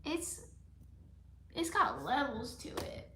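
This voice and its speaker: A woman chats on her livestream, answering viewers in a rambling, playful way full of "like" and sudden whispers. Her voice sits high and bright. The sound carries the echo of a bare room. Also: big pitch swings, slow pace, a little hiss or hum. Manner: reads viewer comments aloud and answers them, often dropping into a whisper. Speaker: livestream host. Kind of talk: casual livestream chat.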